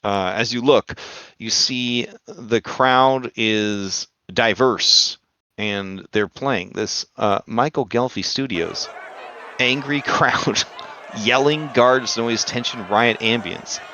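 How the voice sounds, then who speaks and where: A man's voice: mid-range voice, takes it slowly, sharp tone, no echo, muffled recording. A man narrating a tabletop game as game master, rambling and joking with lots of fillers.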